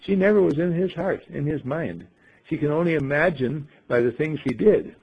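A man leading a group in a folksy storytelling talk, asking rhetorical questions and often clearing his throat. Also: fairly high pitch, lively intonation, normal speed, highs cut off. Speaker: group leader telling a story.

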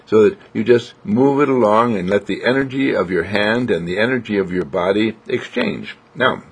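A man gently guiding listeners through a self-healing exercise, with a coaxing, repetitive manner. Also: fairly low pitch, creaky, husky. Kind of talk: guided self-healing instruction.

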